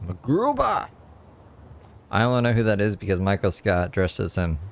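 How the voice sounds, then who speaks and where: A man's voice: low voice, fast, smooth. A man from Ontario, chatting casually in a dry, offhand, rambling way. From Ontario, Canada. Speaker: vlogger. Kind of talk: casual chat.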